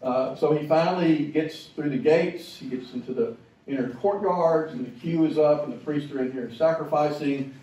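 A man's voice: on the high side, normal speed, warm tone, reverberant, recorded from a distance, poor audio. A male pastor preaching a sermon in a conversational, illustrative way, with asides to the congregation.

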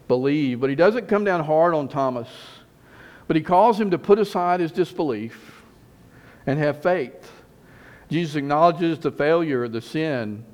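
Guy pastor preaching, slightly high voice, repeats lines, slows down for emphasis. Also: darkish tone. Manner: emphatic preaching with repeated phrases and slowed stresses. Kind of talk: sermon.

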